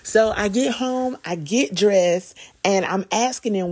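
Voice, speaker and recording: Animated woman telling a story. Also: mid-range voice, moderate pace, few pauses. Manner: animated, chatty, with Southern slang. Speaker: podcast host. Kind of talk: casual storytelling monologue.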